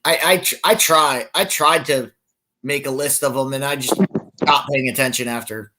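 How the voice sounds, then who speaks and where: A man's voice: mid-range voice, moderate pace, pushed and bright. A male podcast co-host in casual sports chat, rambling with many restarts.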